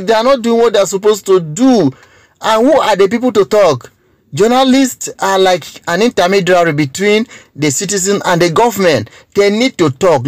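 A man's voice: high voice, no room sound, studio quality. A man with a Nigerian English accent, speaking to his viewers in an earnest, preachy monologue on current affairs, stretching out key phrases and repeating his points. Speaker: social commentator addressing his viewers.

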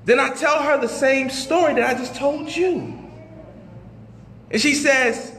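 A man giving a testimony sermon at a mosque, telling his story with animated, slangy storytelling. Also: very high-pitched, measured pace, long pauses, a little hiss or hum. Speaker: minister. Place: mosque hall. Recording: echoey hall with long reverb.

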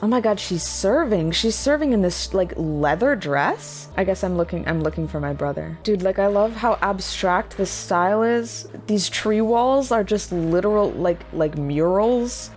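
A woman's voice: mid-range voice, expressive, a little slow, few pauses, a little mellow, soft background music. A young woman giving casual, sarcastic commentary while playing horror games. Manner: chatty, sarcastic, playful. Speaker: horror game streamer.

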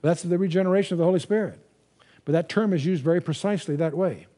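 A man's voice: high-pitched, fast talker, warm tone. A man giving a Bible teaching lecture in a conversational way, asking his listeners rhetorical questions and reading scripture in King James wording.

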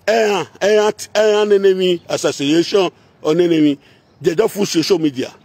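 Husky high-voiced man ranting in Pidgin. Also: normal speed, darkish tone, dry recording. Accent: Nigerian Pidgin, Edo. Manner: confrontational, chanting, singsong repetitions. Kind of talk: heated rant mixing chant and speech.

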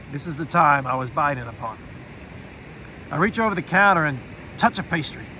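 In poor audio with a little hiss or hum, a man whose voice sits on the high side performs a first-person fantasy audiobook with expressive storytelling. The narrator's inner thoughts come through as quiet asides.

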